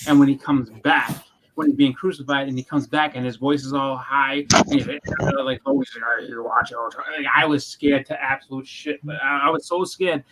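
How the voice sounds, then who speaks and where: A man's voice: medium pitch, fairly even intonation, fairly bright tone, rough recording. A young man in casual chat, rambling with restarts and acting out moments as he goes. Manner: rambling, restarts, quick reenactments.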